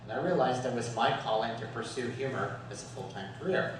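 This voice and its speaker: A man's voice: mid-range voice, expressive, fast talker, slight background noise. Guy telling funny stories at a church service, far from the mic, really echoey. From USA. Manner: storytelling with jokes, chuckles often. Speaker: guest speaker. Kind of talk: humorous talk at a Sunday service. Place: worship hall.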